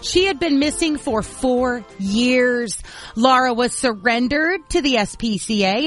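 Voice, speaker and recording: Woman morning-show host, casual and animated, light music underneath. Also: a little high. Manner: warm-hearted, animated, playful asides. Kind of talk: casual radio chat.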